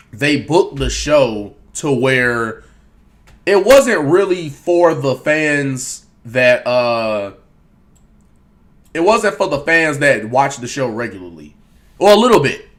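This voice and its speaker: Dude rambling casually on a stream, lots of yo and all right, earbuds mic. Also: male voice, fairly high pitch, big pitch swings, slow pace, a bit bright. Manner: loose, repetitive, fills with "yo" and "all right". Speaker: wrestling commentary host. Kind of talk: casual livestream talk. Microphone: wireless earbuds.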